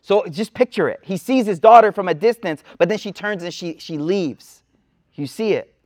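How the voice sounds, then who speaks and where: A man's voice: high voice, moderate pace. A man, giving an informal Islamic talk to a live audience in a slangy, storytelling way. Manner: casual, slangy storytelling with lively asides. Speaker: Islamic teacher. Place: room with a seated audience.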